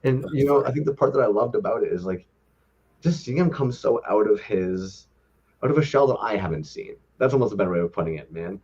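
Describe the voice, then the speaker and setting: A man's voice: lowish voice, lively intonation, a little fast, darkish tone, slightly rough. A man co-hosting a toy podcast, telling rambling, profane stories in a laid-back way. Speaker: podcast co-host. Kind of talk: casual toy-collector chat. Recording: dull lo-fi audio.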